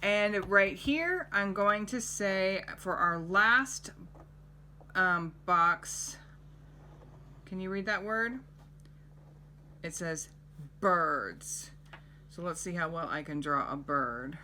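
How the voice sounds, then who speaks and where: A middle-aged woman teaching a children's lesson, gently coaxing and asking the child questions. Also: lowish voice, slow, long pauses, a little hiss or hum.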